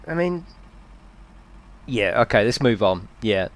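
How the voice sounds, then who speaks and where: A man's voice: lowish voice, big pitch swings, slow pace, pauses often. A man live-streaming a video game, chatting playfully with his viewers, reading their messages aloud and laughing often.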